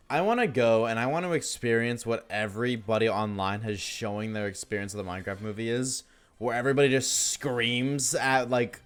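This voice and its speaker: Brief: male streamer, worn out and yawning, rambly jokey chat with viewers, soft game music under. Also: medium pitch, normal speed, smooth. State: tired, yawning. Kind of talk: casual live-stream chat while gaming.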